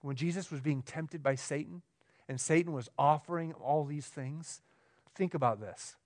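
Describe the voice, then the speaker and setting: A pastor preaching a sermon, swinging between emphatic, raised lines and quiet, low ones, often checking in with the congregation. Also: male voice, moderate pace. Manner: asks the room questions, conversational.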